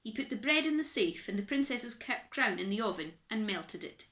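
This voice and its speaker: Lively woman reading a children's story. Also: fairly high pitch, moderate pace. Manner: animated, expressive reading. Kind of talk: reading a children's book aloud. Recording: echoey room.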